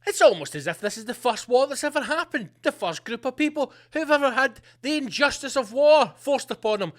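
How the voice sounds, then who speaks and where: A man's voice: extremely high pitch, expressive, a little fast, hardly any pauses, a bit bright. A man hosting his own podcast, ranting angrily and sarcastically with lots of swearing. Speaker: podcast host.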